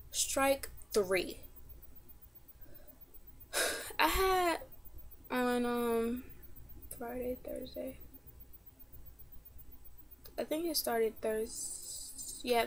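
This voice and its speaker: A seventeen-year-old girl telling a story to her camera in a casual vlog, animated and indignant, acting out both sides of a conversation. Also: fairly high pitch. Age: teens. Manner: animated, indignant retelling with quoted dialogue. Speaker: vlogger.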